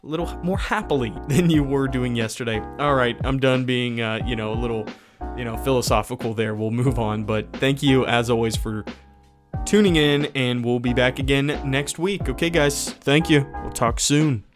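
Folksy West Virginia country-accented host. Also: male voice, mid-range voice, moderate pace, music in the background. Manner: easygoing, folksy, rambling. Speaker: podcast host. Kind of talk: casual podcast chat and outro.

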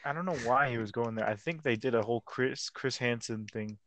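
A man's voice: medium pitch, fairly quick, a bit bright, no room sound. A young man co-hosting a casual podcast chat, rambling in slang, stumbling over words and acting out quotes. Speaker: podcast co-host.

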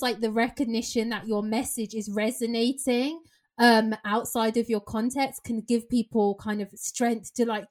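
A woman hosting a podcast, asking questions in a thoughtful, conversational way. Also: fairly high pitch. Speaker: podcast host. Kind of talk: casual conversation.

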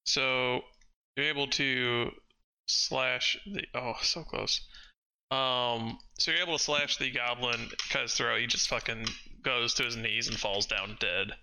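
A man's voice: mid-range voice, steady tone, unhurried, pushed and bright, clean tone. A man narrating as game master of a tabletop game in a casual, loose way, with fillers and the odd swear.

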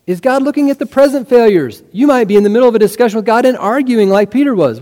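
A man's voice: sits high, sing-song, brisk, a little mellow. A male pastor preaching a sermon, earnest and full of rhetorical questions. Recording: hall reverb.

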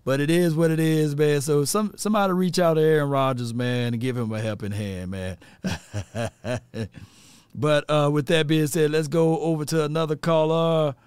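Male call-in host: laid-back, chatty, smooth resonant voice, dry close sound. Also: on the high side, fairly even intonation, moderate pace, darkish tone, dry recording. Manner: laid-back, laughs often, says "man" a lot. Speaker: sports show host taking calls. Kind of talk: casual live call-in chat.

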